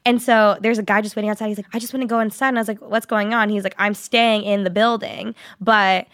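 A young woman in her twenties, a podcast co-host, telling a story in casual chat, animated and filled with "like" fillers. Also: mid-range voice, quick pace, no echo, clean studio sound.

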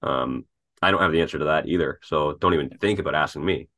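Deep-voiced blunt joking man. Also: quick pace, bright, forceful tone. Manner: blunt, joking, swears casually. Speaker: tennis coach, podcast co-host. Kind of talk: casual chat.

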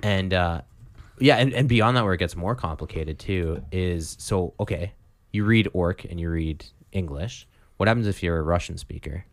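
A man's voice: deep voice, normal speed, dry recording. A man co-hosting a podcast in casual chat, thinking aloud with fillers. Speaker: podcast co-host.

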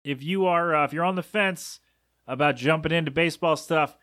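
A podcast host talks sports on his own in a loose, casual way, often correcting himself and drifting into asides. His voice is a little high, brisk, and fairly bright, captured in a dry, studio-quality recording.

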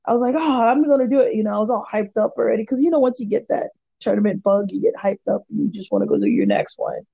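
A woman chats with a gravelly edge and a dark, husky tone. She tells rambling stories, laughing as she goes, in an easy conversational way. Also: mid-range voice, steady tone, fast, no echo, highs cut off. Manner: rambling storyteller who laughs often. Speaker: guest. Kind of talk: casual chat.

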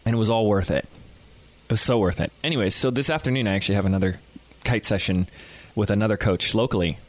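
A man's voice: on the low side, fast talker, no room sound. Chatty male podcast host, dry sound. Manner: animated, rambling, lots of fillers. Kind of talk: casual storytelling monologue.

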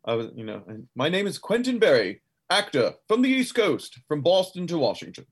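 Pompous highfalutin actor, high and showy, played by a man. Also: huge pitch swings, normal speed, husky, exaggerated voice. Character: pompous adult male actor with fake highfalutin accent.

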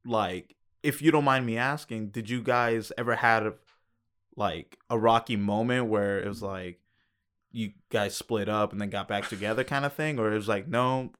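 A man's voice: fairly low pitch, moderate pace, a bit bright, clean tone. Enthusiastic young male podcast host. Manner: enthusiastic, swears casually, says dude. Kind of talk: casual chat.

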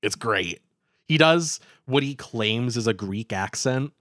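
A man co-hosting a casual podcast chat, joking, crude and quick to laugh. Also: medium pitch, lively intonation, a bit bright, dry recording, clean studio sound. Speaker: podcast co-host.

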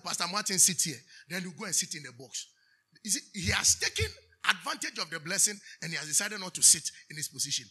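A Ghanaian pastor with a high, husky voice and sharp tone preaches a sermon emphatically. He questions the congregation to draw their responses and switches between English and Twi.

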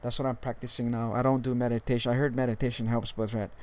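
A young man from Hawaii with a Californian accent, giving dating tips in a casual vlog monologue, laid-back and halting, swearing freely. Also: mid-range voice, level tone, darkish tone. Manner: laid-back, profane, halting with many restarts. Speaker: dating coach vlogger.

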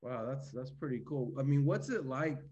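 A man hosts a podcast interview, feeling his way through questions with "uh" and "like." His pitch is middle for a man, and his sound comes across a little dull and muffled. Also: lively intonation, dark tone. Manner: curious, halting questions. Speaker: podcast host. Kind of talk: casual interview.

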